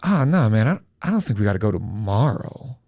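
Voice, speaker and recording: This is an anxious, loyal guard dog, voiced by a man who speaks hesitantly and sounds a little sheepish. The voice stays fairly low and close to plain speech, and the recording is dry. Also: very animated, brisk, mellow, no room sound.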